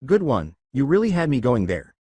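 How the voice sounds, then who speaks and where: Man voicing an excitable teenage girl, playful, exclaiming, lively pitch, dry sound. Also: moderate pace, husky, dry recording. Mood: excited.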